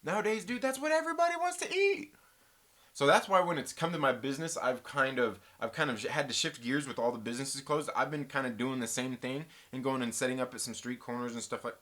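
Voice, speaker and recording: A man's voice: medium pitch, fairly even intonation, fast talker, hardly any pauses, sharp tone. A man hosting a casual live-stream chat, rambling in a laid-back way and reading viewer comments aloud. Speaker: channel host.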